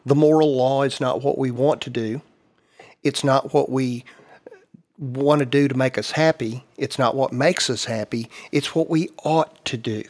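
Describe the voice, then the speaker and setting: Male host, mid-pitched, earnest explainer, casual discussion. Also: measured pace.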